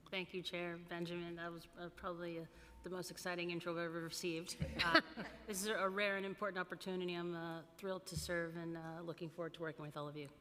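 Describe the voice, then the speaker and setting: A woman on a city commission giving brief thanks at a public meeting, quick and slightly flustered. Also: on the low side, level tone, sharp tone. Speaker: commission member. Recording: long reverb, faint room noise.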